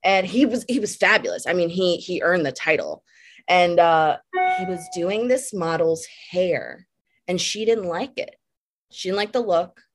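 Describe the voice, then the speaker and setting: Low-voiced woman telling backstage stories. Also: unhurried, faint music behind. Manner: animated storyteller, laughs while telling. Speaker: guest makeup artist. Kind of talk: casual podcast chat.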